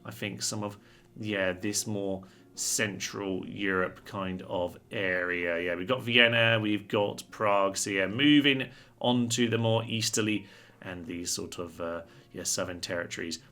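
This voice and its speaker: A man's voice: on the low side, sharp tone. A man hosting a gaming channel, giving chatty, wry commentary on a strategy game as he thinks aloud.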